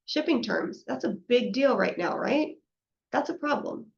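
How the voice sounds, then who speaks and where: A woman presents a professional session in a chatty, conversational way, often tossing in a "right?" and acting out quoted back-and-forths. Her voice carries a gravelly fry, and the recording sounds somewhat muffled and lo-fi. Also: on the high side, expressive, unhurried. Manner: conversational, frequently adds "right?" and acts out quoted exchanges.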